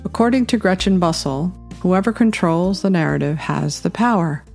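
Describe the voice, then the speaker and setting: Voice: mid-range voice, normal speed, creaky, a little mellow, faint music behind. A narrator delivering scripted political commentary in a sarcastic, mocking way.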